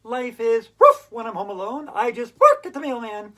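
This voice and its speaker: Excited playful pet dog read by a woman, husky, loud and high, poem recitation. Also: moderate pace, heavily acted.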